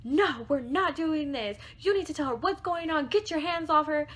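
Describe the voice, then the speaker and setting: A woman acting out her protective friend scolding someone loudly. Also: high-pitched, normal speed, voice pushed up, lightly acted. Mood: angry. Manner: scolding, shouted.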